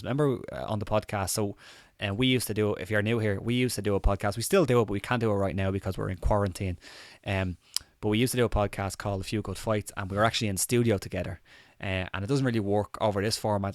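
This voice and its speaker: Low-voiced man with a slight cold. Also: steady tone, fast talker, few pauses, dry recording, studio quality. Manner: loose, swears often, laughs a lot. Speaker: podcast co-host. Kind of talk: casual live chat.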